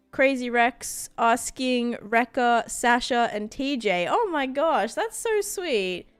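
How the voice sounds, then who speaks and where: A woman live streaming a game, excitedly thanking viewers and rambling through stories with lots of fillers. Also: high-pitched, smooth, dry recording. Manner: rambling storytelling with many fillers. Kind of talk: casual live-stream chat while gaming.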